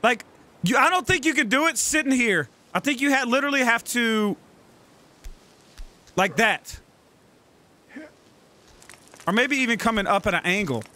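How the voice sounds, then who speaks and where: A man giving excitable, profane gameplay commentary, yelling at and coaching his game character. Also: extremely high pitch, normal speed, pauses often. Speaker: let's play gamer.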